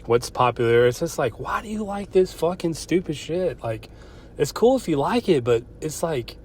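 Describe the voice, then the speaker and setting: A man's voice: on the high side, big pitch swings, moderate pace, a little mellow, slight background noise. A man who calls himself an old man, hosting a podcast and ranting in a profane, rambling way, often restarting his sentences. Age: older. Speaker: podcast host. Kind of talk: casual solo podcast rant.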